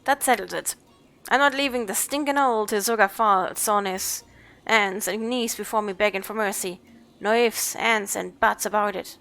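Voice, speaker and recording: A woman voicing a gruff, bold warrior woman from a game who scolds bluntly and swaggers. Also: medium pitch, normal speed, a bit bright. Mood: scornful. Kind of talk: reading game dialogue aloud.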